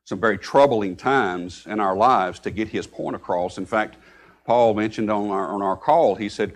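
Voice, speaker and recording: A man preaching a sermon, breaking into sudden loud outbursts when he quotes scripture. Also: fairly low pitch, moderate pace. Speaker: pastor.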